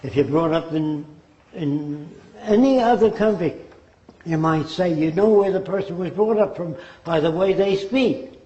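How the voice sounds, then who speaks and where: A man's voice: a little high, unhurried, mellow. An older man giving a lecture, speaking emphatically, asking rhetorical questions and mimicking accents. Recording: dull, roomy recording.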